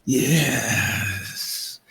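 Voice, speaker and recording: A man voicing an ancient creature sealed in a coffin, speaking in slow, halting, menacing words. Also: medium pitch, gravelly, pushed and bright, breathy edge, no echo, full character voice.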